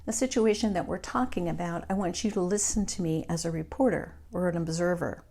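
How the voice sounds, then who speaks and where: Middle-aged woman, lowish voice, calm and frank, guiding a meditation class. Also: brisk. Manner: calm, reflective, candid with casual swearing. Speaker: meditation group leader.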